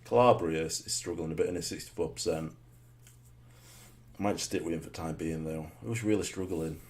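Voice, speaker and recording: A man giving live commentary on his own football game, muttering rhetorical asides and breaking into sudden excited shouts. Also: low-pitched, a little fast.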